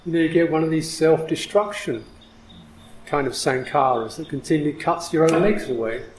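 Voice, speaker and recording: A man who is a Buddhist monk teacher, giving a reflective dharma talk with frequent soft laughter. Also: a little high, normal speed, roomy sound, noisy background.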